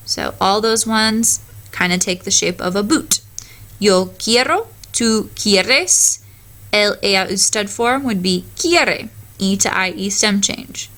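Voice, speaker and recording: A woman's voice: mid-range voice, pushed and bright. A woman teacher explaining Spanish verb conjugation in a recorded lesson, patiently modelling each word.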